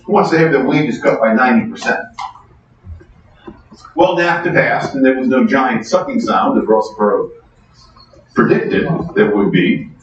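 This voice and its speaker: A middle-aged man giving a university economics lecture, conversational and animated, asking the class questions, recorded from far off in a large lecture hall. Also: medium pitch, normal speed, long pauses, a little hiss or hum. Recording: distant echoey hall, dull sound.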